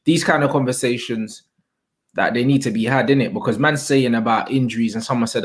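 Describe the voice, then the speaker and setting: A man's voice: mid-range voice, a little fast. A young man, ranting casually about football on a live stream, full of slang and swearing. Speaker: streamer co-host.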